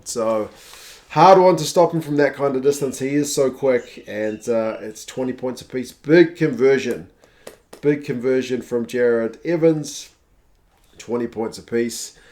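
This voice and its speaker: Male channel host, casual match-review read, middle pitch, conversational recap with natural fillers. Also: darkish tone. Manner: conversational, recaps plays step by step with frequent "uh".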